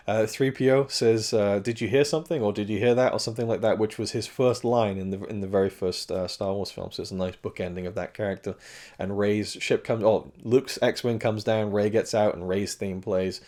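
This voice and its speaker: Man, low-pitched, strained cracking voice, rambling casual film review, lots of restarts. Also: flat delivery, brisk, a little mellow. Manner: rambling, with frequent restarts and self-corrections.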